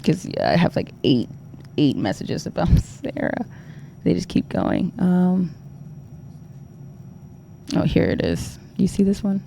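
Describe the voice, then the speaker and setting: A man's voice: sits high, sing-song, slow pace, vocal fry, long pauses, dark tone, a little hiss or hum. A young adult man talking on a livestream, exasperated and rambling, full of fillers and swearing. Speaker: streamer. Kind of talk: ranting livestream talk.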